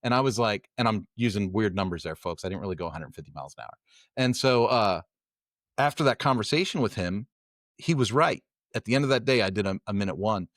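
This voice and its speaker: A man's voice: lowish voice, animated, quick pace, fairly bright tone, no room sound, studio quality. A middle-aged man co-hosting a podcast, telling a long story in casual chat and acting out the dialogue he quotes. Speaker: podcast co-host.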